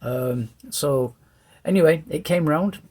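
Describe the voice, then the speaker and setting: A man's voice: fairly high pitch, slow, breathy edge. A middle-aged man with an English accent, telling a rambling personal testimony and acting out the voices of the people in it. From England. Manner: lively, rambling storyteller who acts out the voices in his story.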